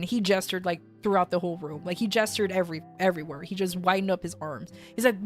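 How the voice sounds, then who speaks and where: A woman's voice: mid-range voice, fairly quick, few pauses, faint music behind. A woman streamer casually telling a long story, rambling with many fillers and restarts. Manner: rambling, filler-heavy, animated retelling.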